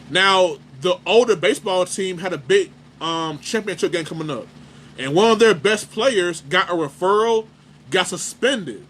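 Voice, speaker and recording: A man's voice: sits high, sharp tone, slight background noise. A man hosting a sports talk show, ranting in heated, emphatic commentary and hammering his points over and over. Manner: emphatic, repetitive, fired-up.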